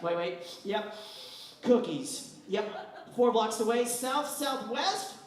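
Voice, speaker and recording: A man's voice: high voice, expressive, slow, recorded from a distance. A man voicing his wife as a giddy, overexcited woman gushing about smells, in an echoey room. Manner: breathless and overexcited.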